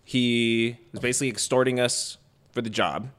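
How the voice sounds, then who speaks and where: Animated young man telling a party story. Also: mid-range voice, normal speed. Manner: animated, acts out quotes loudly. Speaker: co-host. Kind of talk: casual storytelling chat.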